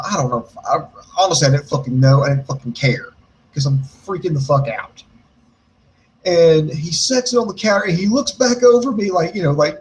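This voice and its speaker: An American man co-hosting a casual show, telling a story in an animated way, swearing a lot and acting out the quotes. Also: a little high, low-quality recording. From United States. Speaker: podcast co-host.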